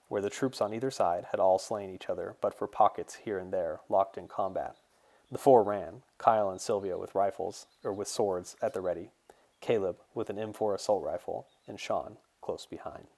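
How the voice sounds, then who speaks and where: Man narrating a fantasy novel in a low voice. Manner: steady, measured storytelling. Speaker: author narrating his novel. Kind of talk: audiobook narration.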